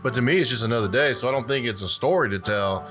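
A man's voice: mid-range voice, quick pace, music in the background. A man who works in gas service, talking bluntly and matter-of-factly about the job in casual chat, with some swearing. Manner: blunt, matter-of-fact, profane.

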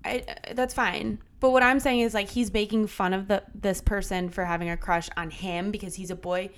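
A woman's voice: medium pitch, fairly even intonation, normal speed. Chatty young woman full of "like". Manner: chatty, heavy use of "like". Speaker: podcast co-host. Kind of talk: casual chat.

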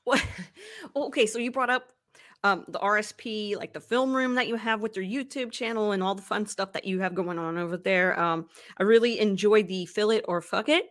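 A woman's voice: mid-range voice, normal speed, a bit bright. A woman hosting a podcast in casual conversation, with brief, playful interjections. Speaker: podcast host.

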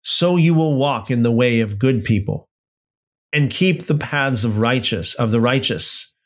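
A man's voice: medium pitch, expressive. A man leading an evening Bible study, reading scripture aloud and adding conversational comments with frequent restarts. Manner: slow, deliberate reading with conversational asides and restarts.

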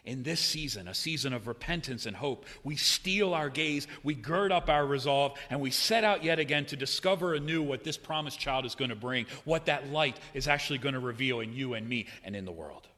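A man preaching a sermon in a church, swinging between loud, raised cries and hushed, low passages. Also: fairly quick, few pauses. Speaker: pastor. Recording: long hall reverb.

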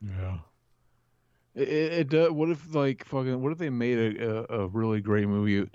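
A man co-hosting a casual movie commentary podcast, talking in halting, profane bursts full of restarts. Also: mid-range voice, darkish tone, clear, resonant tone, no echo. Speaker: podcast co-host. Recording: dry, dull lo-fi sound.

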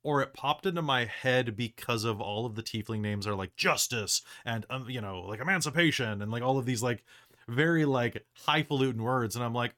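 A man's voice: mid-range voice, normal speed, sharp tone. A man hosting a casual podcast chat as game master, rambling with lots of fillers and restarts.

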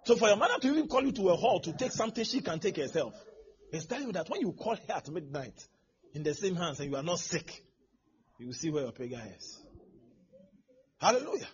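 A man preaching a sermon as pastor, swinging from hushed asides to shouting. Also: high voice, sing-song, a little fast, breathy edge. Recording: dull lo-fi sermon recording.

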